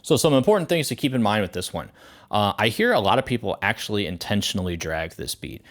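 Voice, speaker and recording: A man's voice: on the low side, sing-song, quick pace. A man teaching a drum lesson in a casual, chatty way, counting beats aloud and voicing drum sounds. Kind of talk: casual instructional explanation.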